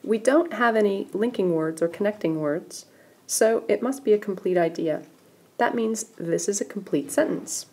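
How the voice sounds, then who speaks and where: A woman's voice: medium pitch, normal speed, darkish tone, husky. A woman teaching a recorded grammar lesson, patiently explaining step by step while pointing at examples on screen. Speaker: English writing teacher.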